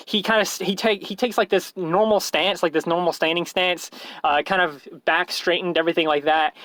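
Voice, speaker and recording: A man's voice: high-pitched, a bit bright, smooth, dry recording. A man telling a rambling, self-mocking story in a casual vlog, full of fillers and restarts.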